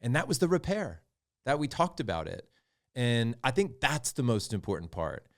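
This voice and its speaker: A middle-aged man speaking as a podcast guest, talking candidly and reflectively about fatherhood and getting animated as he recounts stories. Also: medium pitch, normal speed. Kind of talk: candid conversational storytelling.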